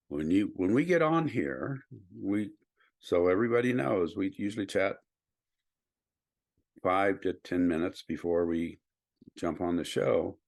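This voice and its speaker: Deep-voiced older man, dry sound. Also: takes it slowly, pauses often, no room sound. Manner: thoughtful, explains ideas calmly. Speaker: podcast co-host. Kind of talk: casual conversation.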